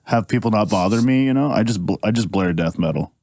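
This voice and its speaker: A man's voice: fairly low pitch, fast talker, dry recording, clean studio sound. A man hosting a casual comedy podcast, joking and laughing often. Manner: laughs often, animated and jokey. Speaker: podcast host.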